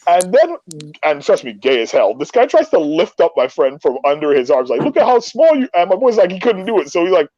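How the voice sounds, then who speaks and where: A man telling a story in casual talk, animated and profane, often repeating his words. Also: fairly high pitch, fairly quick, no room sound, dull audio.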